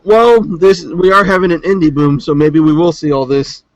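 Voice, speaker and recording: A man's voice: fairly high pitch, steady tone, moderate pace, no room sound, poor audio. Laid-back man with dry short replies. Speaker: podcast co-host. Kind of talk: casual gaming chat.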